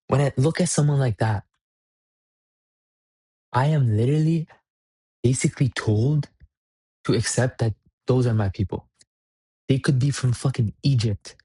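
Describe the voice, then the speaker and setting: A man's voice: medium pitch, normal speed, pauses often, mellow, slightly rough, no room sound. A young man vlogging in a blunt, profane, rambling rant. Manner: blunt, swearing, rambling with restarts. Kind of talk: profane ranting monologue.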